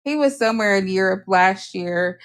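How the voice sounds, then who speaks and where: A woman's voice: medium pitch, moderate pace, clean tone. A woman chatting on a livestream, asking questions and retelling stories in a chatty way. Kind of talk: casual livestream chat.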